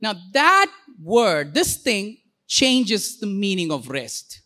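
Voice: medium pitch, very animated, pushed and bright. A pastor delivers a sermon in a church. The voice moves up and down freely, with playful asides and frequent calls for the congregation to repeat words back. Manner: playful, quick asides and jokes.

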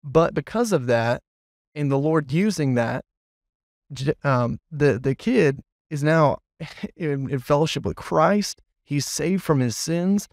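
Brief: pastor, male, animated anecdote-teller, podcast, dry sound. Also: fairly high pitch, takes it slowly, creaky, no room sound. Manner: animated storyteller, lots of fillers. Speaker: children's pastor. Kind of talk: casual podcast chat.

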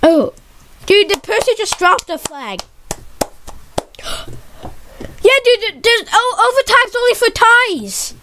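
A gaming YouTuber giving excited gameplay commentary, yelling often and straining her voice. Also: very high-pitched, slow pace, long pauses, slight background noise. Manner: excitable, yells a lot, says "dude" constantly.

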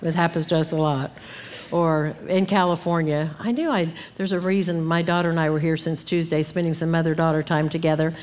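In a church hall with long reverb, a middle-aged woman gives an earnest Bible teaching talk at a conference, acting out grumbling asides along the way. Her low voice has a steady tone and is a little fast and a little mellow, with slight background noise.

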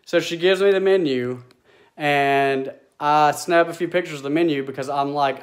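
A man telling a story in a casual, exasperated, animated way, acting out bits of dialogue. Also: a little high, normal speed. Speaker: vlogger.

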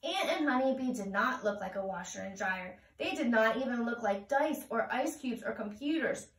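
A woman reading a picture book aloud to children in a gentle, sing-song way. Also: on the high side, animated, moderate pace. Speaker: children's storyteller. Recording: roomy, heard from a distance.

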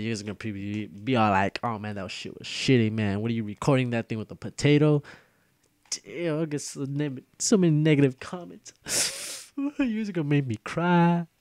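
A young man gives loose, casual commentary over his own gameplay, joking and grumbling as he goes. He trash-talks opponents in a relaxed, chatty way at a middle pitch. It sounds like a home gaming video with an ordinary everyday voice. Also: no room sound. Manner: joking, grumbling and trash-talking at other players.

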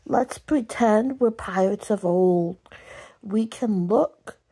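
A woman's voice: medium pitch, slow, warm tone, breathy edge. A woman reading a storybook aloud and voicing an eager, imaginative young girl.

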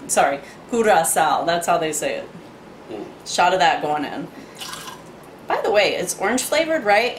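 A woman's voice: lowish voice, roomy sound, a little hiss or hum. A woman making cocktails in her home kitchen, chatty and playful with little asides. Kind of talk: casual kitchen demo chat.

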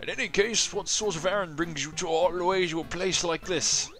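A man voicing a loud, absent-minded old male goomba professor, blustery and theatrical, over faint game music. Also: high voice, brisk, voice pushed up. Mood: pompous.

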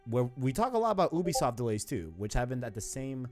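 A man's voice: mid-range voice, very animated, quick pace, music in the background. A man in his twenties with a faint New York accent, hosting a podcast in casual, rambling chat full of slang. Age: 20s. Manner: laid-back, slangy, rambling. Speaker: podcast host.

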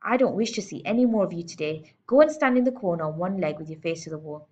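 Woman acting out a bullying giant headmistress, barking, scornful, storybook reading, lower voice, muffled lo-fi sound. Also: animated, fast, darkish tone, breathy edge. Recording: dull lo-fi recording.

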